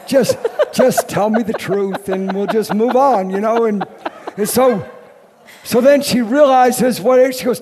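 A man in his fifties with a fairly high voice tells a personal recovery story. He acts out every quoted line with animation. The long reverb of a hall hangs on his words. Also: moderate pace, darkish tone, a little hiss or hum. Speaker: recovery speaker. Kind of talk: storytelling talk.

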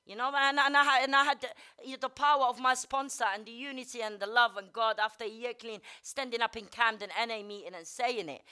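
A woman's voice: a little high, smooth. A woman giving a blunt, candid personal recovery testimony, swearing freely and dropping many "you know"s. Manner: fast and energetic, rising and falling in loudness. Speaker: speaker sharing at a recovery meeting.

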